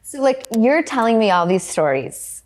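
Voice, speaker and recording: A woman's voice: on the high side, sing-song, normal speed, a little mellow. A woman hosting a podcast interview, asking questions in an encouraging, affirming way. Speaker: podcast host. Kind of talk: conversational interview.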